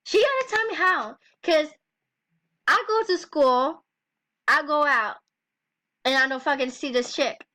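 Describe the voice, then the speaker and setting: A high, bright voice from a teenage girl venting her anger in a home vlog. She talks slowly and swears often, with nervous laughs breaking through the rant. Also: animated. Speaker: vlogger.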